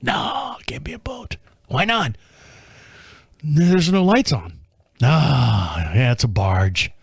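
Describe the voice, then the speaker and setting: A man's voice: a little high, animated, slow, vocal fry, breathy edge, no echo, clean studio sound, pitched below the performer's own voice, heavily acted. A man voicing a band of scheming male pirates waiting in small skiffs, with a put-on Jamaican accent and laid-back, conspiratorial banter. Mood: sneaky.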